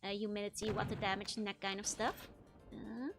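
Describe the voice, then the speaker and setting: A woman's voice: medium pitch, level tone, fairly quick, music in the background. A young woman from the Netherlands, a streamer chatting casually and giggling often as she plays. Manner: giggly, laughs often, rambling. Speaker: VTuber streamer. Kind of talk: casual chat while gaming.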